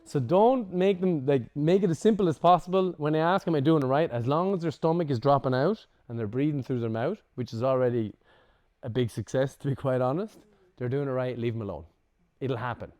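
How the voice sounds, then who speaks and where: A man teaching a breathwork workshop to a group, casual and lively, swearing now and then and acting out examples. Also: medium pitch, a little fast. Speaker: breathwork instructor.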